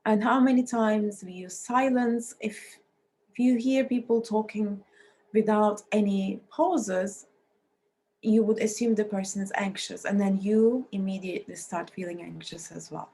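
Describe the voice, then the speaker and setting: Woman lecturer with a scratchy, mellow voice. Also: mid-range voice, steady tone, unhurried. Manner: explanatory, with frequent restarts and non-native phrasing. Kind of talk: recorded university lecture.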